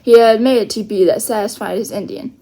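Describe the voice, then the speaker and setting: A woman reading a children's chapter book aloud, slowly and carefully, with small self-corrections. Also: on the high side, mellow. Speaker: storyteller.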